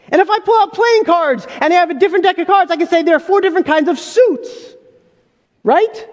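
Male pastor with a very high voice and an emphatic sermon delivery, recorded in a big reverberant hall. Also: brisk, lo-fi sound. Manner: emphatic, full of rhetorical questions.

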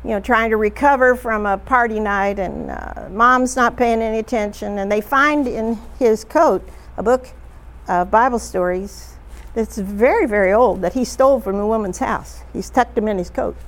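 A woman leading a group discussion, retelling stories in a chatty, halting way with frequent fillers. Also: fairly high pitch. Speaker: discussion leader.

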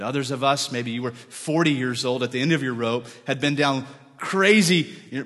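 A man preaching a sermon as pastor, dropping to soft, whispered lines when he speaks for God. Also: mid-range voice, moderate pace, in a large hall.

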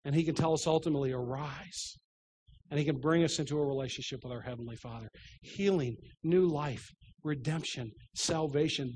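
A middle-aged male pastor preaching a sermon, telling stories with self-deprecating humor and swinging between loud and hushed delivery. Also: a little high, slight background noise.

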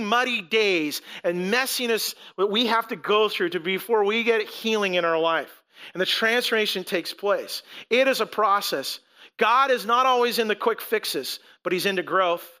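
A male pastor with a strikingly high voice preaches in a loose, conversational way. His tone is bright and forceful as he tells the story with animation and slips into the voices of its people. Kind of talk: conversational sermon.

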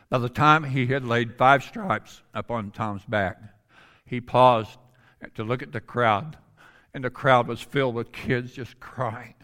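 A man preaching a sermon through a story, his voice pitched in the middle of the male range. He pushes some lines out loudly and drops others to a near hush for drama. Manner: dramatic, swings between loud and hushed.

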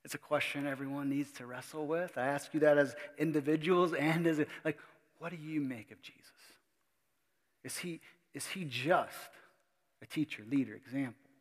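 A pastor giving a sermon, talking to the congregation in a conversational, emphatic way with many repetitions. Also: male voice, a little high, steady tone, normal speed, big-room sound.

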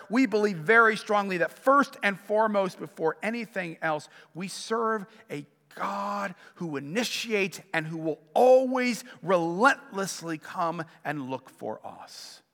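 Guy pastor preaching, high voice, lively storytelling, long echoey church sound. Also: measured pace, hardly any pauses. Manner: storytelling, animated and emphatic. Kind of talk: sermon.

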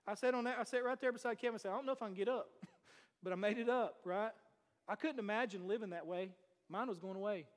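A man preaching a sermon as pastor. He swings between loud declarations and hushed asides and asks many rhetorical questions. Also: sits high, in a large hall. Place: church sanctuary.

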